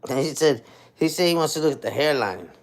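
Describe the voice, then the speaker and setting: A man in his forties chats loosely into his phone on a livestream, his voice sitting a little on the high side. He talks in street slang and keeps tagging his lines with "you heard?". He reacts to viewer comments as he goes. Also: lively intonation, brisk. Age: 40s. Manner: reads and answers viewer comments. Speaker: livestream host. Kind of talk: casual livestream chat.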